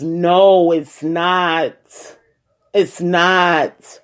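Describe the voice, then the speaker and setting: A woman with a husky, slightly breathy voice who talks slowly and deliberately. She gives a heartfelt personal talk and speaks straight to her listeners. She stresses her points by repeating them. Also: a little high, expressive. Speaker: personal storyteller addressing viewers.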